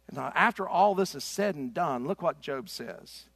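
A middle-aged man preaching a sermon in a church. His delivery is impassioned and swings from loud to hushed. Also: on the high side, big pitch swings, moderate pace, vocal fry, few pauses, husky, no echo, studio quality. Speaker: pastor. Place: church sanctuary.

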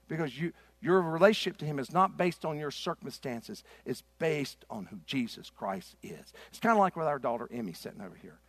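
Impassioned pastor preaching. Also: male voice, a little high, dry recording. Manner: impassioned, swings from loud to hushed. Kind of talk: sermon. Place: church sanctuary.

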